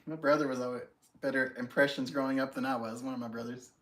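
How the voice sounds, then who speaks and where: A man's voice: mid-range voice, fairly even intonation, fast talker, fairly bright tone. A man hosting a casual live stream at home, greeting viewers by name and chatting in a friendly, self-deprecating way. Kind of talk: casual chat reading viewer comments.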